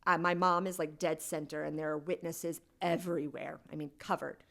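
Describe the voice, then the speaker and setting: A woman's voice: sits low, fairly even intonation, brisk, vocal fry, fairly bright tone. A woman guest on a podcast, telling a personal story in a candid, conversational way with lots of "like.". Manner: candid and conversational, heavy use of "like".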